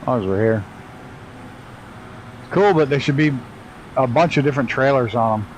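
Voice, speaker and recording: A man's voice: mid-range voice, moderate pace, a little hiss or hum, low-quality recording. A man casually talking to his chat while flying a flight simulator, swearing freely and laughing at his own mistakes. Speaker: flight sim streamer. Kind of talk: casual live-stream commentary.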